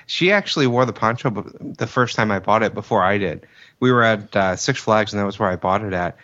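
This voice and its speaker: A podcast co-host telling a story at his own expense. His voice sits somewhat low. The sound is dull and lo-fi. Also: fairly quick, fairly bright tone. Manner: self-mocking storyteller. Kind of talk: casual chat.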